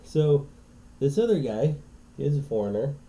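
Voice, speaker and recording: A man's voice: mid-range voice, very animated, a little slow, mellow, rough recording. A man co-hosting a podcast, telling a rambling story in casual chat and checking in with "right?" as he goes. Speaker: podcast co-host.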